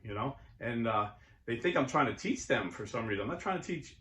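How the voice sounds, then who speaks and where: His medium-pitched voice is expressive, fairly quick, bright and forceful. He's a middle-aged YouTube host and Catholic convert giving a casual, sincere monologue with occasional preachy surges, recorded in an echoey space.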